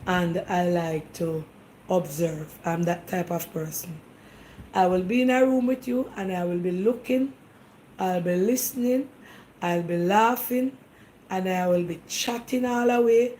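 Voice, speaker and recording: Her mellow, lowish voice moves a little slowly as she hosts a casual talk show in a Jamaican accent. Emphatic and defensive, she talks right at her audience and fires rhetorical questions back, on a rough recording with faint hiss or hum.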